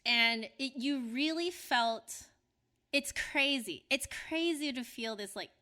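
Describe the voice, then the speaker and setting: Brief: young woman podcast co-host from Canada, bright clear tone, chatty and rambling. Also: sits high, slow. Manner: chatty, many fillers and restarts. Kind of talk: casual podcast chat.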